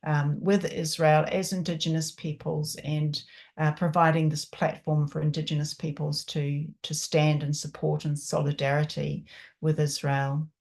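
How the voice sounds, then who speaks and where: Low-voiced woman from New Zealand. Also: flat delivery, moderate pace, gravelly, darkish tone. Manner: hesitant, with fillers. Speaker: seminar speaker. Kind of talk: closing remarks on a video call. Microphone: video call.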